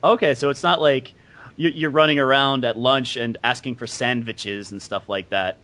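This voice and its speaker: A man's voice: medium pitch, fairly even intonation, moderate pace, sharp tone. A man interviewing a voice actor, asking playful questions and laughing along. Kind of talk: casual interview.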